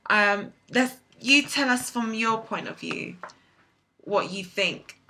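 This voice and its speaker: Young woman, bright tone, reflective, hesitant phrasing, casual discussion host. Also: a little high, takes it slowly, a little hiss or hum. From England. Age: young adult. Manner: reflective, searching for words.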